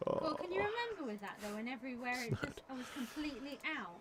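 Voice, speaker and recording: A woman's voice: sits high, very animated, fast, over a noisy crowd. A woman co-hosting a live stream, chatty and chiming in with questions. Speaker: co-host. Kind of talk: casual chat on a live stream.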